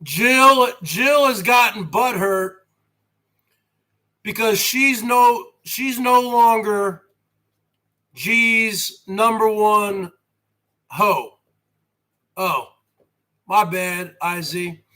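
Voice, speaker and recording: A brash man in his forties, hosting a livestream rant, who swears and swings from a quiet voice to a shout. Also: high voice, drawn-out words, pauses often. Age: 40s. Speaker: host.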